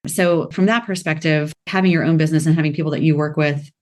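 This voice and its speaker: A woman in her thirties, a founder talking as a podcast guest, lively, acting out her own quoted thoughts in a higher voice. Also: quick pace. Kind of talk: conversational interview.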